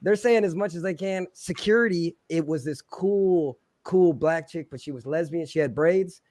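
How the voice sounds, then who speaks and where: On a casual podcast, a Philadelphia man with a fairly high pitch tells a long story full of profanity at normal speed. He's animated, loudly performing the voices of everyone he quotes.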